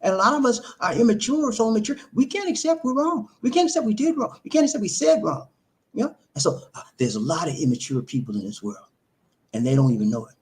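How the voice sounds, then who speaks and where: A man hosting a live stream, giving casual relationship advice and reading viewer comments. He talks in an animated, preachy way, repeats himself for emphasis and speaks straight to his viewers. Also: high-pitched, fast. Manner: animated and repetitive, preachy, addresses viewers directly. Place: living in the Philippines.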